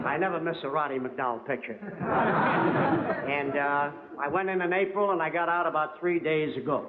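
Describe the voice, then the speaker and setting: Comedian guy doing stand-up, pretty high voice, thin old tv sound, band and audience behind. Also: unhurried, long pauses, a loud crowd, heavy background noise. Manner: wisecracking, punchy delivery. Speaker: comedian guest. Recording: lo-fi 1960s TV broadcast in a hall. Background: studio audience laughter and band.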